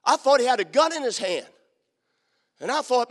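A man preaching a sermon, telling a story that builds into fervent shouting. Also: very high voice, lively intonation, moderate pace, long reverb tail.

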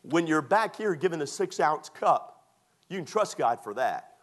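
A man, preaching a sermon that moves between lively scripture reading and folksy storytelling. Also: on the high side, measured pace.

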